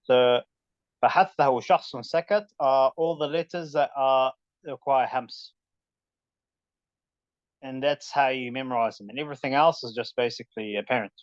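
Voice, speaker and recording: A man's voice: mid-range voice, normal speed, long pauses, dry recording, highs cut off. A man teaching a casual recitation lesson, demonstrating letter sounds aloud as he explains. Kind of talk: informal tajweed lesson.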